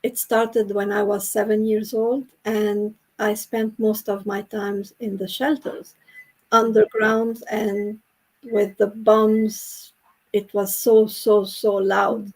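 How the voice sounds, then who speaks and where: Woman, non-native English speaker, from the Middle East, gravelly and husky, unhurried storytelling on a video call. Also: medium pitch, flat delivery, a little mellow, poor audio. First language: not English. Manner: slow, earnest storytelling. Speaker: co-host. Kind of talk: casual chat, storytelling.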